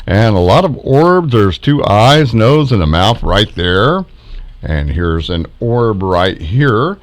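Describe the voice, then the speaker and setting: A man's voice: on the low side, big pitch swings, slow pace. A middle-aged man casually narrating his backyard footage as a ufology vlogger, chuckling often as he points out faces in orbs.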